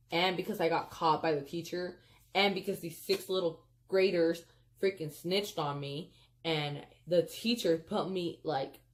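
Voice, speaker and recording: A woman telling a storytime vlog in casual chat, talking straight to viewers as "you guys" and leaning on "like" and "freaking.". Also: low-pitched. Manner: animated, emphatic retelling. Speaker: storyteller vlogger.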